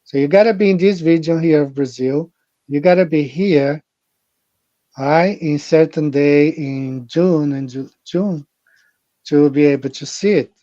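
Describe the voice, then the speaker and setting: Man host, live-stream chat, unhurried, repetitive, mellow voice, dry muffled audio. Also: a little high, no echo. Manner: rambling, repeats phrases, addresses viewers directly. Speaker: livestream host. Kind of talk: casual live-stream talk.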